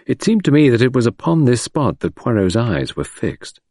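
A man reading an audiobook narration in a measured, expressive way. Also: mid-range voice, dry recording, clean studio sound.

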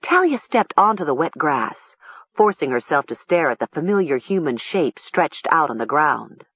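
Woman audiobook narrator, husky, lively intonation, slow, dry dull sound. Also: low voice, no room sound. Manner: expressive, measured.

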